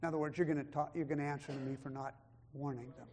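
Guy preaching, pretty high voice, gets loud then goes quiet, reads old bible verses. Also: little pitch movement, racing. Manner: emphatic, swings between loud and hushed; quotes scripture in old-style wording. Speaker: pastor. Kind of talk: sermon.

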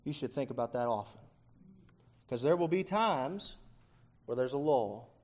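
A man preaching a sermon with fervour, moving between hushed, intimate passages and near-shouts, with many "uh" fillers between phrases. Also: mid-range voice, animated, a little slow. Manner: frequent "uh" fillers.

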